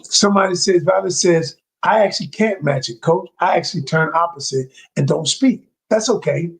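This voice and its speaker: A communication coach gives a motivational talk, speaking emphatically and directly to his listeners, repeating key phrases and sometimes dropping his voice low to demonstrate calm. He talks fairly quickly in a gravelly voice with a breathy edge, and the audio is poor.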